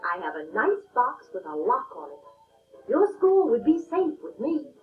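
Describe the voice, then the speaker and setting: Woman reading as a polite literal-minded housekeeper lady, earnest, slow, kinda muffled audio. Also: fairly high pitch, sing-song.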